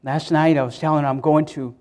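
A middle-aged man preaching with passion, his voice sitting fairly high for a man. He acts out prayers and conversations in his own voice and stumbles over his restarts. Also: fairly even intonation, fast, darkish tone. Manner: impassioned, acts out prayers and quotes, stammers on restarts. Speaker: pastor. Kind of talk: sermon.

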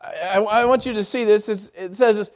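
A man's voice: high-pitched, fairly quick. A man preaching a sermon in an earnest way, often repeating and restarting his phrases. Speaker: pastor.

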